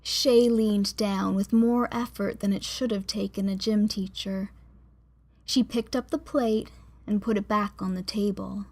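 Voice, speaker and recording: Slow-reading woman audiobook narrator. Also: medium pitch, steady tone, darkish tone. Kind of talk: scripted narration.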